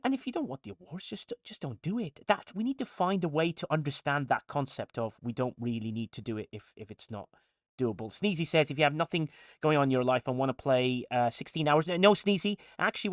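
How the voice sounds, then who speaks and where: A man's voice: a little high, lively intonation, fairly quick, no echo, clean studio sound. Chatty man hosting a live stream. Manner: reads viewer chat comments aloud and responds; chatty, with frequent restarts. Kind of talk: casual live stream chat.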